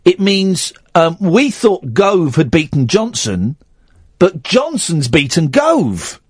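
A male radio host chats casually in a rambling, self-mocking way, his voice swooping up and down with lively pitch. He sits close to a dry studio mic, and his voice sits a little higher than most men's. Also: takes it slowly, husky, no echo.

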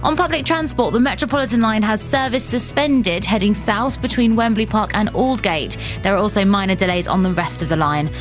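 A woman reading a radio travel bulletin in a crisp, matter-of-fact way. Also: mid-range voice, a little fast, few pauses, soft background music. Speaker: travel news reader.

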